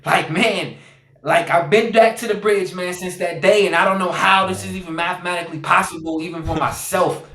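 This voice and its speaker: A man speaks as a podcast guest, earnest and searching, often repeating phrases and leaning on fillers. His voice sits a little high for a man. The recording carries a noticeable room echo. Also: fairly even intonation, fairly quick, bright, forceful tone. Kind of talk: personal storytelling.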